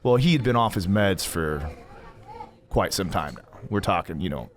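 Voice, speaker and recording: A man's voice: deep voice, lively intonation, moderate pace. A man co-hosting a podcast, telling a rambling, profane story with frequent laughs. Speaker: podcast co-host. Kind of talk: casual chat, storytelling. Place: gym coffee bar.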